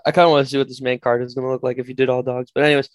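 A young man co-hosting a casual podcast chat, excitable and foul-mouthed, often bursting into shouts. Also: medium pitch, very fast, clear, resonant tone, dry recording. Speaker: podcast co-host.

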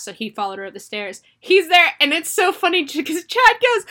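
A young woman co-hosting a casual movie review podcast, excitable and giggly, acting out characters' lines as she talks. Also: very high voice, normal speed, few pauses. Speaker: podcast co-host.

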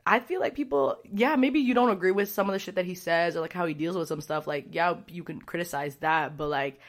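A woman's voice: fairly low pitch, fairly quick. A young adult woman vlogging in a casual, rambling way, swearing often and filling her talk with "like". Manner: chatty, profane, rambling storytelling with frequent fillers. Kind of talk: casual vlog chat.

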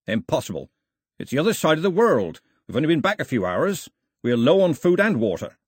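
A stubborn sea captain barks his objections in a raised, husky voice, acted out by a male audiobook reader. The recording is close and dry. He sounds like a man at the end of his patience. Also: on the high side, big pitch swings, fairly quick, no room sound, pitched above the performer's own voice. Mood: insistent. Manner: barking, indignant.

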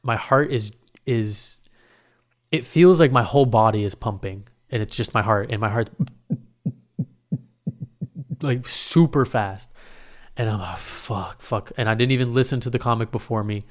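A man's voice: medium pitch, moderate pace. A young adult man tells a story in a casual, rambling, profane and self-mocking way.

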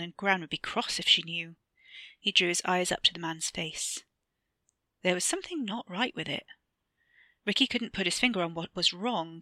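A woman narrating her own short story aloud, measured and even. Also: fairly low pitch, no room sound. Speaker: author reading her story.

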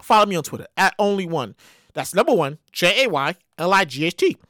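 A woman hosting her own show, giving animated, profane comedic commentary on news stories and repeating her words as she riffs. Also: fairly low pitch, fairly quick, no room sound, clean studio sound. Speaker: podcast host.

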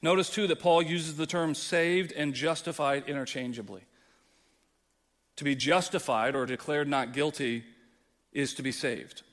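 A male pastor preaching a sermon with passion, dropping low and then rising loud. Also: steady tone, a little slow. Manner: impassioned preaching, swings from quiet to loud. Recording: long hall reverb.

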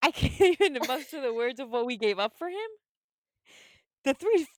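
A woman's voice: high voice, moderate pace, dry recording, clean studio sound. A young woman chatting casually about basketball, laughing often and acting out her own reactions. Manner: animated, laughing, acts out reactions. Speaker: podcast co-host, basketball fan. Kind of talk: casual sports chat.

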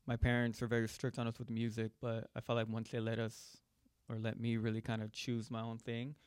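A man in his thirties co-hosting a podcast, speaking in easygoing casual chat with many halting restarts. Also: medium pitch, monotone, clean tone, no echo. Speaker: podcast co-host.

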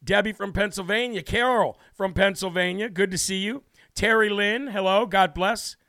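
A man hosting a live political talk show, brash and emphatic, hammering points with repetition and reading out viewer shout-outs. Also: sits high, moderate pace, no echo, clean studio sound. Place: New Hampshire studio.

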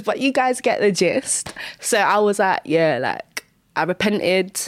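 A young woman talks through her testimony in a lowish voice, circling back and repeating phrases. Now and then she jumps into high, worked-up exclamations. The recording is close and dry, with no room around her. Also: lively intonation, normal speed, no room sound. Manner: candid, repetitive, bursts into high exclamations. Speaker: Christian vlogger sharing testimony. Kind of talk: personal testimony monologue.

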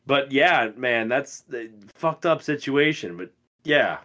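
A man in his twenties co-hosting a podcast, telling stories in a casual, profane and animated way. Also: medium pitch, takes it slowly. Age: 20s. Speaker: podcast co-host. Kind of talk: casual chat.

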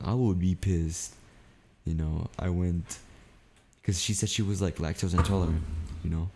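Deep-voiced young man, loose and profane. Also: flat delivery, moderate pace, dark tone. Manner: loose and profane, full of "like" and "dude". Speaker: podcast co-host. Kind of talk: casual storytelling chat.

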